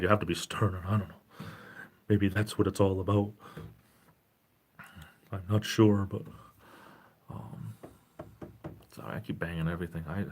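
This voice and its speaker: A man in his forties chatting casually on a live stream in a gentle, caring tone, rambling and breaking off mid-sentence as he greets viewers. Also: sits low. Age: 40s. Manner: rambling, self-interrupting, greets chat viewers.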